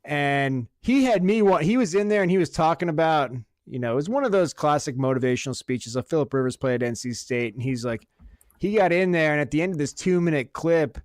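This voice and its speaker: A man with a smooth, resonant voice trades football picks in loose, joking podcast talk. He swears freely and drifts into long anecdotes. The sound is dry and close, with no room around it. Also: a little high, lively intonation, brisk, no echo. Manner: profane, joking, storytelling. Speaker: podcast co-host. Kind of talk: casual sports chat.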